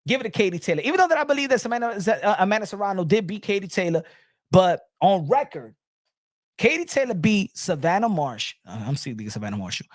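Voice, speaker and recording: A man's voice: high voice, very animated, fairly quick, no room sound, clean studio sound. A man hosting a boxing channel, chatting casually and rambling, often repeating his points.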